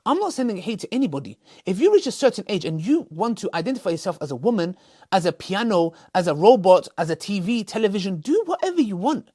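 A man's voice: sits high, big pitch swings, quick pace, mellow, no room sound, studio quality. A man giving heated reaction commentary, scolding and mocking with sarcastic quotes.

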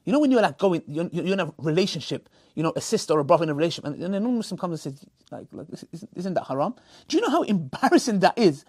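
Husky, fired-up man ranting. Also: high-pitched, very animated, racing, a little mellow, dry recording, clean studio sound. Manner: emphatic, scolding, mocking, with sarcastic put-on quotes. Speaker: reaction commentator. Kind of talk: heated reaction commentary.

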